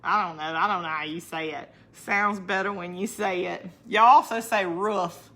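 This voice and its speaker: A woman's voice: fairly low pitch, fairly even intonation, normal speed, bright, forceful tone. A woman hosting a casual crafting livestream. She chats to her viewers, laughs often and answers their comments as she works. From northern United States. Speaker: crafting channel host.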